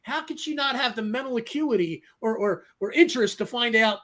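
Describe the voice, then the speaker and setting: Casual: guy with a pretty high voice, chatting, animated, laughs a lot as he tells it. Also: fairly quick. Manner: animated, laughs often while telling. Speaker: guest in a chat. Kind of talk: casual chat, storytelling.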